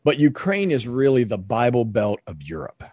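Interview guest, male, mid pitch, earnest and animated storyteller, dry close mic. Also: normal speed, no room sound. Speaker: ministry leader, guest.

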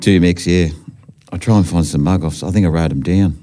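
A man's voice: deep voice, brisk, mellow. A man, a comedian guest on a casual podcast, who tells stories with frequent laughter and swearing. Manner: laughing storyteller, swears freely.

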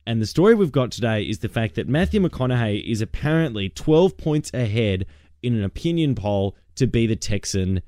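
A man's voice: medium pitch, sing-song, moderate pace, mellow, dry recording, clean studio sound. An Australian man in his thirties hosting a radio show, upbeat and chatty. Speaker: radio host. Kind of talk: casual radio banter. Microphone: studio broadcast mic.

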